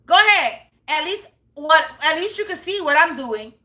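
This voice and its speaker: A spiritual reader with a high-pitched, expressive, sharp-toned voice speaks at normal speed. Her camera-facing monologue is an unscripted, profanity-laced rant in which she emphatically repeats her points.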